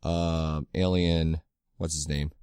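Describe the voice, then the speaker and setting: Deep-voiced man, swearing and excitable. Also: takes it slowly, clear, resonant tone, no room sound, clean studio sound. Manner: excitable, swears a lot, animated retelling. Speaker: podcast co-host. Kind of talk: casual chat.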